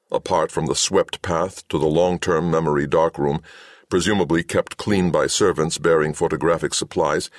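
A man's voice: low-pitched, no echo. A man narrating an audiobook in a dry, wry storytelling manner. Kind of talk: scripted narration. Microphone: close studio mic.

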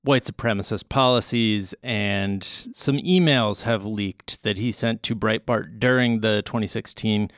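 A man in his thirties co-hosting a casual news podcast, laying out each topic at an easy pace with plenty of "uh" pauses. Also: on the low side, dry recording, clean studio sound. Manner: relaxed, lays out topics with frequent "uh" pauses. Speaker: podcast co-host.

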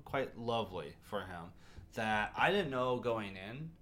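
A man co-hosting a casual movie podcast, measured and fact-checking, with frequent ums and restarts. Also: on the low side, animated, a bit bright. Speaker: podcast co-host. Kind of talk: casual movie review chat.

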